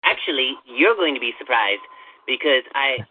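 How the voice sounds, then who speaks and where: A man hosting a comedy podcast in character as a ghost agent, rambling with halting restarts. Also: medium pitch, lively intonation, husky. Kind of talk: comedic improv chat. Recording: dry tinny phone-like line.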